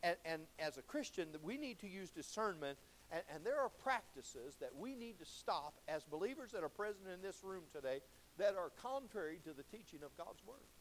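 High-voiced preacher. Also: male voice, very animated, moderate pace, slight background noise. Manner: folksy preaching, swings between loud exclamations and low intensity. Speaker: pastor. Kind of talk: sermon. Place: church.

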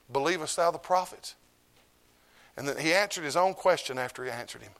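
A middle-aged man, preaching a sermon as pastor. He swings from loud declarations to low, hushed lines. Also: a little fast.

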